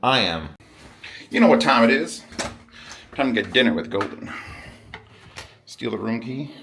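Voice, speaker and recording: A man's voice: medium pitch, lively intonation, measured pace, creaky, background noise. Profane, rambling man vlogging casually. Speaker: vlogger host. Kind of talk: casual vlog chat. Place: hotel room.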